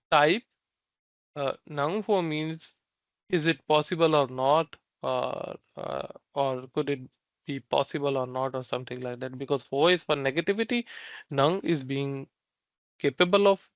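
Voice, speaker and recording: A man teaching Mandarin phrases in an online lesson, explaining each word slowly with many fillers and restarts. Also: on the high side, no room sound, muffled recording.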